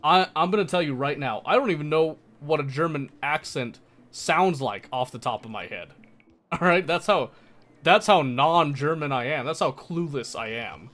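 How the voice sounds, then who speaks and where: A man's voice: a little high, animated, moderate pace, a bit bright. A young American man chatting casually on a livestream, laughing often and answering chat. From United States.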